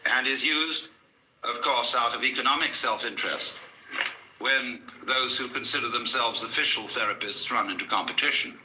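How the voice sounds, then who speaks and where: A man's voice: medium pitch, normal speed, roomy sound, noisy background. A man giving a public lecture to a live audience, telling stories in a wry manner with dry asides.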